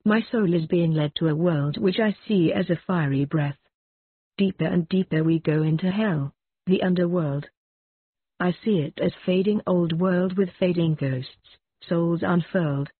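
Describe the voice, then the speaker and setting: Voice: medium pitch, unhurried, dry recording. A reader voicing a frightened dying woman. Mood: fearful. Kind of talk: reading a ballad aloud. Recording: husky voice on a tinny phone-like line.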